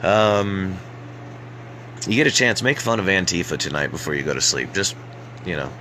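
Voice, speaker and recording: A man hosting a live-stream rant show, talking in a sarcastic, mocking way with many halting restarts. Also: deep voice, lively intonation, bright, forceful tone, slight background noise, poor audio. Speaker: host of a political rant show.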